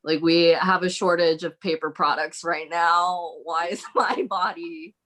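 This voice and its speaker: A woman's voice: lowish voice, steady tone, unhurried, a bit bright. A woman hosting an online stand-up show, chatty and loose, giggling between bits. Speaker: show host.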